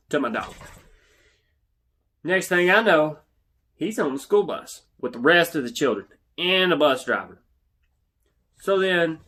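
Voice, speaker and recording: A young man casually telling a funny story, animated and yelling out the lines he quotes. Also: mid-range voice.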